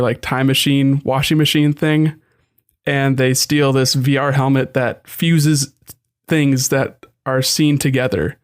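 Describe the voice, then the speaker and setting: A man's voice: medium pitch, clear, resonant tone. Young adult male podcast co-host, loose rambling delivery full of restarts, mid-range voice. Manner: rambling, many restarts and asides. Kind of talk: casual chat.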